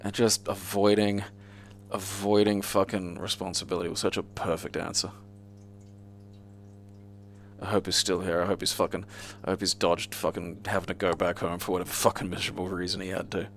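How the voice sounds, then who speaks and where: A man's voice: deep voice, flat delivery, fairly quick, a bit bright, a little hiss or hum. An Australian man streaming a game and chatting casually, rambling and profane with a sardonic edge. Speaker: gaming streamer. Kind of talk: casual gameplay commentary.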